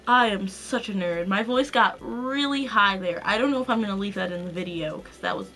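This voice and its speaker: A woman's voice: mid-range voice, brisk, few pauses, pushed and bright. A young woman from Wisconsin, chatting bubbly and self-mocking in a casual vlog. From Wisconsin, USA. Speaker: collab video vlogger.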